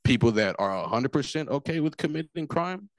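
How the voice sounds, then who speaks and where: A man's voice: on the high side, lively intonation, a little fast, dry recording. A man from Africa giving personal testimony at a forum, telling his story in an earnest way that keeps circling back to what he remembers. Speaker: forum speaker.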